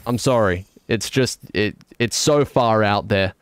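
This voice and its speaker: A young man streaming a video game live, commenting in an excitable, jokey and self-mocking way. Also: on the low side, unhurried, clear, resonant tone, no room sound.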